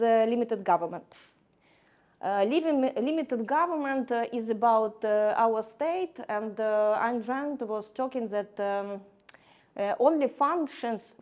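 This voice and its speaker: A woman giving a lecture in English, halting often with fillers and restarts. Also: fairly high pitch, darkish tone. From Ukraine. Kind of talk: lecture to a class.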